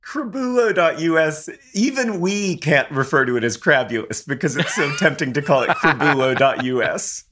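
A man's voice: on the high side, expressive, normal speed, few pauses, pushed and bright, slight background noise. A man co-hosting a podcast in casual chat, bantering playfully and reading listener questions aloud. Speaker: podcast co-host.

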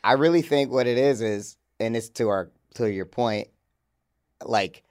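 A man's voice: mid-range voice, a little slow. A man co-hosting a podcast in a laid-back, rambling casual chat, laughing often. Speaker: podcast co-host.

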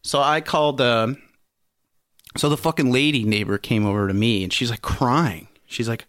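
A man's voice: medium pitch, moderate pace, a bit bright, no echo, studio quality. A man co-hosting a podcast, telling a rambling, profane story and laughing often. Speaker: podcast co-host. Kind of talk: casual podcast chat.

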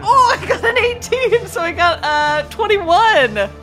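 A woman playing a tabletop game, describing her character's moves in a lively, giggly way. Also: extremely high pitch, unhurried, faint music behind, rough recording. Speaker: player.

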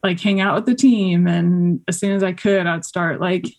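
A young woman from Colorado, a podcast guest telling stories in a chatty way, full of fillers and quick acted-out quotes. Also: fairly low pitch, steady tone, a little mellow. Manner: chatty, many fillers, acts out quoted voices. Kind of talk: casual interview chat.

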